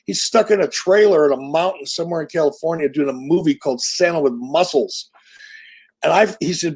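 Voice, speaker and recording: Animated, profane man telling a story. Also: a little high, a little fast, husky. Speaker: interview guest. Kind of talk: casual storytelling.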